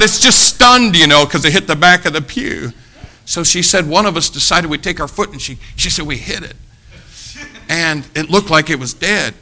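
A man preaching, telling a long story about himself in an animated, self-mocking way, acting out the quotes. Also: high-pitched. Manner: animated anecdote with acted quotes, laughing at himself. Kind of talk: storytelling sermon.

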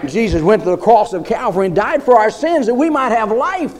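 A male pastor preaching a sermon, repeating phrases emphatically and rising into loud declarations. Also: high-pitched, fairly quick.

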